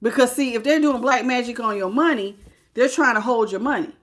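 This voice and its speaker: A woman's voice: fairly high pitch, a little fast. Emotional woman doing a tarot reading. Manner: emotional, expressive, greets live chat. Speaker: tarot reader.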